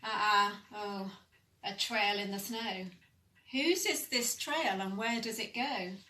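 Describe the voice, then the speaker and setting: A woman voicing a curious, brave young female monster child with an eager, high voice, in an echoey room. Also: slow pace, pushed and bright. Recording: echoey room, mic at a distance.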